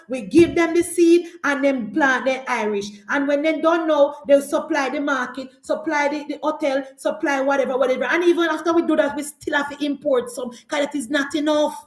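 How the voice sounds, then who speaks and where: A woman's voice: high voice, echoey room. A woman with a Jamaican accent giving emphatic, argumentative political commentary on a live call-in show.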